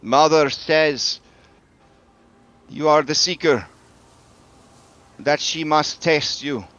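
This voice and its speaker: A woman's voice: low voice, very slow, a bit bright, dull audio, voice pushed up, heavily acted. A man voicing a grave young woman who rides a bear, speaking in formal, solemn phrases.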